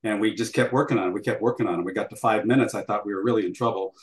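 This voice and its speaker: An older man's lowish voice comes out rapid-fire with fairly even intonation as he tells a story as an interview guest. He acts out the dialogue, uses plenty of fillers, and is recorded with a roomy echo.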